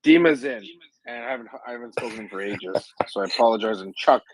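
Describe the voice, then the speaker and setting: A man in casual live-audio chat, talking in an animated, joking way with many restarts. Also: lowish voice, fast talker, a crowd in the background, rough recording.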